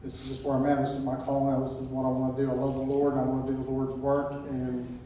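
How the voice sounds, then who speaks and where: A sixty-year-old man, giving a halting personal testimony in church, near tears and full of pauses. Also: medium pitch, monotone, mellow, a little hiss or hum. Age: 60s. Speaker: church member announcing a calling. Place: church sanctuary. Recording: echoey church, distant mic.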